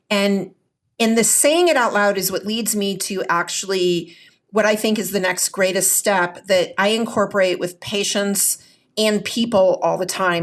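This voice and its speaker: A woman physician and author as a podcast guest, talking in an energetic, emphatic way and often adding "right?". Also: medium pitch, normal speed. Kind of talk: conversational interview storytelling.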